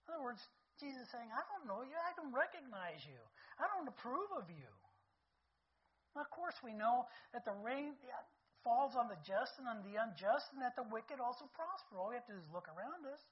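Woman preacher, fairly high and breathy, chatty sermon style, muffled lo-fi sound. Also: sing-song, a little fast. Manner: chatty, checks in with listeners. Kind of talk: conversational sermon. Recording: dull lo-fi recording.

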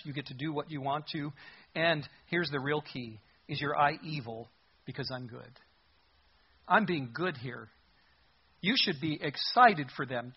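A man preaches a sermon with a slightly raised, husky voice. He reads scripture aloud and leans into his points with earnest emphasis. The recording sounds dull and lo-fi. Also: on the high side. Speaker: pastor.

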